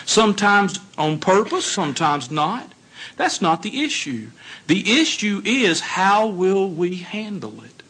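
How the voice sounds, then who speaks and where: Guy preaching, husky voice, bit high, swings his pitch around a lot. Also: slow pace. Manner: animated storytelling, acts out dialogue, asks the audience questions. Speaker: congregation speaker. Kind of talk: sermon.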